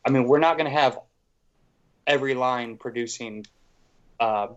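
A man's voice: medium pitch, normal speed, highs cut off. A man co-hosting a podcast, talking hockey in a rambling, casual way full of fillers. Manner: rambling, filler-heavy, animated. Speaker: podcast co-host. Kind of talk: casual sports chat.

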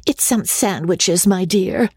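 A woman's voice: mid-range voice, takes it slowly, a little mellow, husky, no echo, studio quality, voice pushed up. A woman voicing a kind, flustered older schoolmistress who fusses and frets. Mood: fussing. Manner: fussy, flustered, breathless.

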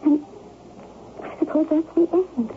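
An actress playing a gentle, admiring young woman in 1970s radio drama style, earnest and tender. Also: sits high, unhurried, a little hiss or hum. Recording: tinny old radio broadcast.

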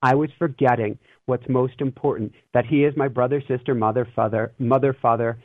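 A man's mid-range voice, fairly even in intonation and fairly quick, comes through a dry, tinny, phone-like recording. As an interview guest and spiritual teacher, he shares stories earnestly and with energy, laughing at times.

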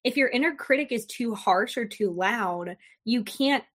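A woman coach chatting as a guest on an interview show, talking fast-flowing, slangy and self-deprecating. Her voice sits a little higher than most women's, light and conversational. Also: expressive, a bit bright. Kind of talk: casual interview chat.

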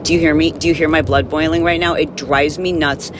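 A woman hosting a podcast, telling an animated, exasperated story in a casual monologue and acting out the people in it. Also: low voice, brisk, background noise. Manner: animated, exasperated, acts out quotes. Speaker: podcast host.

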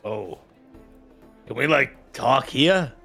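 A man's voice: medium pitch, lively intonation, slow, a bit bright, soft background music, exaggerated voice. A man voicing a lazy, lecherous fat man hosting a party, offhand and sprawled out.

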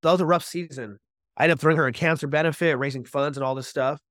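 A man's voice: a little high, steady tone, fast talker, a bit bright, no echo, studio quality. Earnest man telling his recovery story. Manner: earnest, heartfelt storytelling with many "like" fillers. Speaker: podcast guest.

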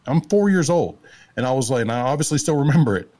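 Animated man telling stories. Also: medium pitch, fast. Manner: animated, laughing, acts out voices in stories. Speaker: guest. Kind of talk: casual storytelling.

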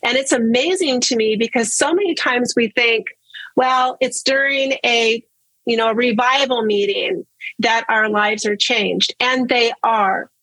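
An earnest woman speaks openly about her own life in a relaxed conversational way, often repeating words to stress them. Her voice sits a little high and has a husky edge. The sound is dry and close, with no room echo. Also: measured pace. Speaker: guest sharing her story. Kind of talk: casual personal testimony.

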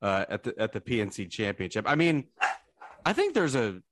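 Animated man telling a story on a podcast. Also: on the low side, fairly quick, background noise. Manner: animated, self-deprecating storytelling. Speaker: podcast co-host. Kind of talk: casual podcast chat.

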